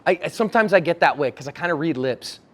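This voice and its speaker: A man lecturing at a conference on handling conflict, his voice sitting a little high for a man. He talks casually and slips into little role-plays, playing both people in each exchange. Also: animated, quick pace. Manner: casual, acts out both sides of example conversations. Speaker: self-defense instructor. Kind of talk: conference talk with acted role-play. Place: conference room.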